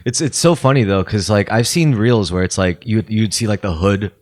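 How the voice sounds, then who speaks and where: A man's voice: on the low side, normal speed, darkish tone. A man co-hosting a podcast in casual chat, laughing often and rambling as he talks. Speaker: podcast co-host.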